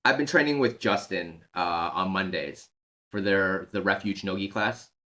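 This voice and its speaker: A male podcast host with a low but bright voice, relaxed and easygoing as he chats. His questions come out loose and informal. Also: normal speed. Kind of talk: casual chat.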